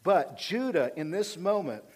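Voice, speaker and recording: Animated preaching man, higher voice. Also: measured pace. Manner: retells scripture in an animated, conversational way, swinging between loud and soft. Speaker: senior pastor. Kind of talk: sermon.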